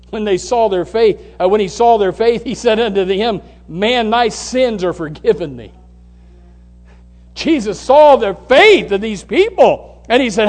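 A man preaching as a pastor, swinging from loud, rising calls down to near-whispers. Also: sits high, animated, slow, long pauses. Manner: preaching with sudden loud rises and hushed drops. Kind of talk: sermon.

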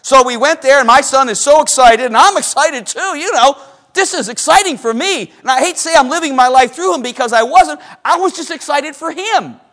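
A middle-aged man preaching a sermon as pastor, telling a personal story animatedly, swinging between loud excitement and hushed moments and asking the congregation questions. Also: extremely high pitch, fairly quick.

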